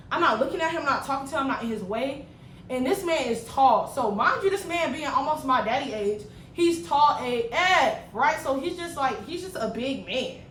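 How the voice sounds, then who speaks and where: A woman in her twenties telling a slangy, animated story while she cooks in her kitchen. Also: high voice, a little hiss or hum. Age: 20s. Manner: animated, slangy, swings loud when retelling. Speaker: vlogger. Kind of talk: storytime vlog while cooking. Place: home kitchen. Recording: echoey room, mic at a distance.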